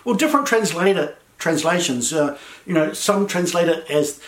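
A man's voice: a little high, lively intonation, unhurried. A male pastor preaching a sermon in a conversational, enthusiastic way, with frequent restarts. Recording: echoey room.

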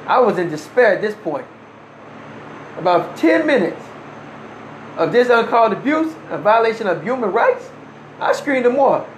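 Male storyteller, high voice, emphatic and earnest, slight room echo. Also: sing-song, normal speed, long pauses, slight background noise. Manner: earnest, emphatic, with short restarts and wry laughs. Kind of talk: personal first-person storytelling. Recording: roomy echo.

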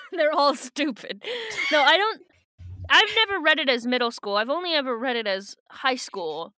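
A woman's voice: high-pitched, big pitch swings, moderate pace, pushed and bright, no echo. A woman co-hosting a podcast in casual book-club chat, talking with lots of fillers and offhand swearing. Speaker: podcast co-host.

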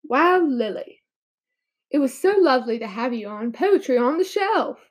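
A woman playing an effusive female podcast host with a put-on accent, full of high-flown praise. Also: expressive, normal speed, husky. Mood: gushing. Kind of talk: mock podcast hosting.

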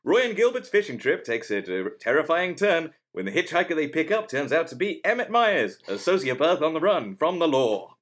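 A man's voice: a little high, sing-song, a little fast, hardly any pauses, a bit bright. Man putting on a 1940s radio narrator, big swooping dramatic delivery. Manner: dramatic, announcing. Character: man as an old-timey radio announcer.

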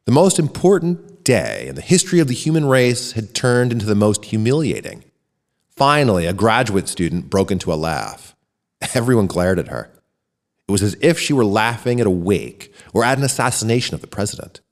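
A man reading a short story aloud as narrator, raising his voice for the shouted lines of the characters. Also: lowish voice, sing-song, a little fast, in a large hall.

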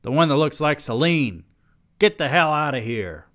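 A man doing a gruff, barking bookseller. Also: fairly low pitch, normal speed, a bit bright, pitched above the performer's own voice, close to an everyday voice. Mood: brusque. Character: gruff male bookstore owner, impatient and brusque.

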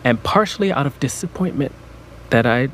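A man's voice: mid-range voice, animated, brisk, slight background noise, lightly acted. A young man narrating his own story in an audio drama, reflective and subdued. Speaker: narrator and lead character.

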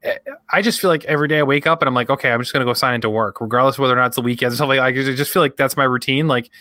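Fast-talking bright-voiced young man chatting. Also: medium pitch, steady tone, no room sound. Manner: rambling storyteller, acts out coworkers' lines. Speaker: podcast co-host. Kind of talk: casual chat.

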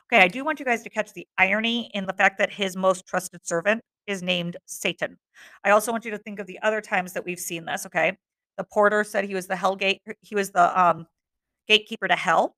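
A woman's voice: mid-range voice, fairly even intonation, a little fast, bright, forceful tone. A woman teacher reading a play aloud to students and breaking off into casual explanations with fillers. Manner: casual asides with fillers between dramatic readings.

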